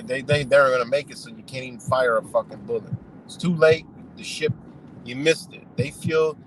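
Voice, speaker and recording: A man's voice: mid-range voice, a little hiss or hum, low-quality recording. A man ranting casually and profanely from his car on a live stream, rambling and saying "you know" over and over. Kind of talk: casual rant. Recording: clear music under the voice.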